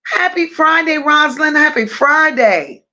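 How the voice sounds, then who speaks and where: A woman's voice: high voice, animated, unhurried, sharp tone, dull audio. A woman hosting a casual livestream, affectionately greeting viewers one by one and reading their comments aloud. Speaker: livestream host.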